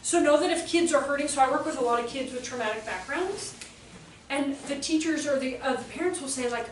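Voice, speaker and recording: High-voiced woman telling classroom stories. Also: a little fast. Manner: animated, acts out children's voices with laughter. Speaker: educator giving a talk. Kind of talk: storytelling presentation to an audience. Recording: echoey room, far from the mic, faint noise.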